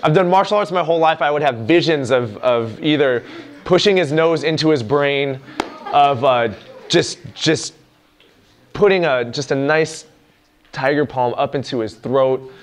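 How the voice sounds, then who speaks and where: A fairly high-voiced young man preaches to teenagers with energy. He drops into little acted voices for parents and kids as he tells his stories. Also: a little slow. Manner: animated, acts out quoted lines. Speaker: youth speaker. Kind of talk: youth sermon.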